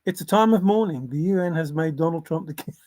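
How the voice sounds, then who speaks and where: A man's voice: a little high, fast, darkish tone, no echo. A man hosting a casual livestream, rambling between topics, often chuckling and apologizing. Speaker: livestream host.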